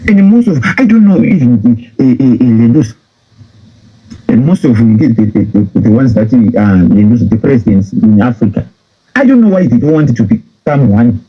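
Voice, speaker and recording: With a Zimbabwean accent, a man launches into a heated political rant, scolding, repeating himself, and slipping in phrases from home. His medium-pitched voice is animated and breathy at the edges, moving at a normal pace. The recording sounds dull and lo-fi.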